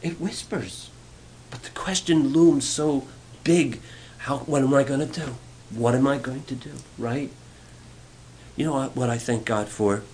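A man's voice: mid-range voice, steady tone, unhurried, a little mellow, slight background noise. A male pastor giving a conversational, playful sermon, asking the congregation questions.

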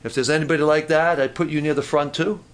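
A man preaching at a camp meeting, talking straight to the congregation with self-mocking humor and climbing to near-shouts when impassioned. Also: on the high side, fairly even intonation, quick pace. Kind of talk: sermon.

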